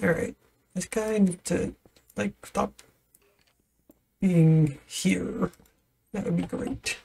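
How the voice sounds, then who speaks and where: Female streamer, casual gameplay commentary, unhurried pace, gravelly fry, anxious little laughs. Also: on the low side, steady tone, mellow, a little hiss or hum. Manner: nervous laughs, talks to game creatures. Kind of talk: casual let's-play commentary.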